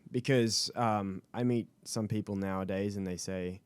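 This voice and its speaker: A man's voice: on the low side, fairly even intonation, normal speed, darkish tone, clean tone, dry recording. A young Australian man with an Australian accent, a guest talking casually in an interview with many ums and uhs. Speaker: guest actor.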